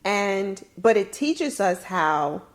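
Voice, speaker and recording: A woman's voice: medium pitch, sing-song. Frank, teasing woman host. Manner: frank, teasing, quick questions. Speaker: podcast host. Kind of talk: casual interview chat.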